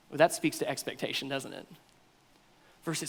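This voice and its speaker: A man preaching a sermon as pastor, animated and playful, now and then acting out what people might say. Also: medium pitch, normal speed, gravelly, long pauses, long reverb tail. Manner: animated, acts out voices of congregants with playful exaggeration. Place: church sanctuary.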